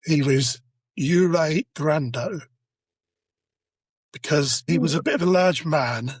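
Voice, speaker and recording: A fairly high, husky-voiced British man hosting a history podcast. He narrates with lively swings of pitch and teases the others dryly. The sound is close and dead, with no room around it. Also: takes it slowly, no echo. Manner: teasing, storytelling narration. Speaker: podcast host. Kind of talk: casual comedic history podcast.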